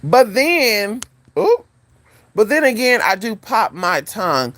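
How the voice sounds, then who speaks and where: A woman vlogger telling a casual story to her viewers, animated, with asides to the audience. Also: measured pace. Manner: animated, swoops high for quoted voices, chatty asides to viewers.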